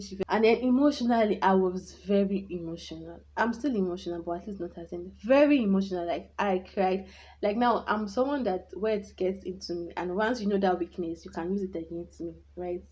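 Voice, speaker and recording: A young woman shares her teenage memories to camera in a candid, rambling way, often restarting her sentences. Her voice is soft and mellow at a middle pitch, and the recording sounds dull and lo-fi. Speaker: vlogger. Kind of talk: personal storytelling vlog.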